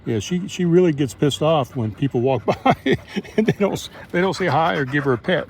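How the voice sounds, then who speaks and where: A man's voice: a little high, moderate pace, poor audio. A middle-aged man chatting casually and rambling through an update while out on a walking trail, speaking into an earbud mic. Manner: relaxed, rambling, friendly. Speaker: vlogger. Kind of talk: casual chat. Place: outdoors on a walking trail at sunset. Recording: outdoor traffic noise. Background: traffic noise.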